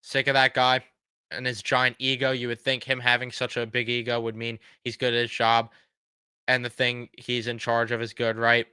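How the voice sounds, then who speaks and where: A man's voice: medium pitch, completely flat delivery, normal speed, pushed and bright, smooth, dry recording, clean studio sound. A man hosting a fan reaction show, ranting bluntly and sarcastically about his team while losing his voice. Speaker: sports fan show host.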